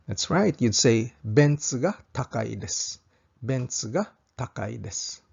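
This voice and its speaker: A man teaching a recorded language lesson, speaking slowly and carefully and repeating each example sentence twice for practice. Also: medium pitch, animated, gravelly, darkish tone, breathy edge, dull audio.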